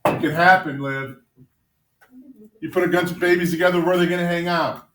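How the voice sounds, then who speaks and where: A male teacher telling jokes to his class in a classroom, with a deadpan storytelling manner. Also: high voice, a little fast. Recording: echoey classroom, faint noise.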